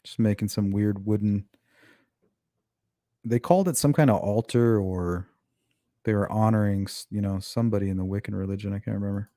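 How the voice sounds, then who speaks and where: Low, dark-voiced male livestream host. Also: a little fast, long pauses, no room sound, studio quality. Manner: rambling, chatty, answers viewer chat. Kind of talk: casual livestream talk.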